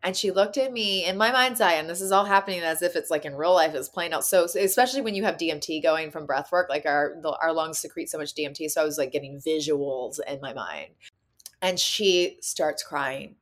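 A woman's voice: deep voice, fairly quick. A woman guest on a podcast telling a personal story vividly, acting out the voices she quotes. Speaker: podcast guest, actor and activist.

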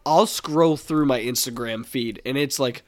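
A man's voice: medium pitch, unhurried. Brief: man, casual podcast co-host, light joking, salty language. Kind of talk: casual crude banter.

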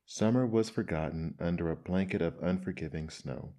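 A man reading fables aloud in a measured, expressive storybook style. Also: low-pitched.

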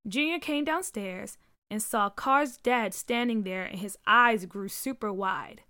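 A woman narrating a story aloud in an expressive way, giving each character a voice. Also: medium pitch, unhurried, clear, resonant tone, no room sound, studio quality.

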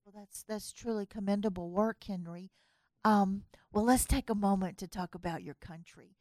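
A woman's voice: medium pitch, moderate pace, darkish tone, no echo, studio quality. Southern US woman hosting an interview.

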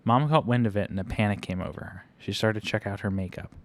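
A man reading a first-person story aloud in an unhurried, conversational storytelling manner. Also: on the low side. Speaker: reader.

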